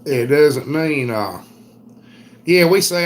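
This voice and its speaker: A middle-aged man with an Eastern North Carolina Southern accent, chatting casually on a livestream in a folksy, drawn-out storytelling way. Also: mid-range voice, expressive. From Southern United States. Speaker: livestream host. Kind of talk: casual live chat reading comments.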